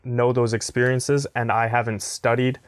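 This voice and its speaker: A man's voice: mid-range voice, flat delivery, moderate pace, clean tone, no room sound. A man in his twenties co-hosting a casual podcast, rambling and joking at his own expense. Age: 20s. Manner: rambling, jokey, self-deprecating. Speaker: podcast co-host. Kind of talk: casual chat.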